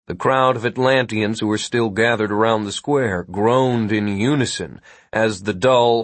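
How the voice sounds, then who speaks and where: A man's voice: mid-range voice, a bit bright, breathy edge, no echo. A man narrating an audiobook in a wry storytelling manner, read on a close, dry mic.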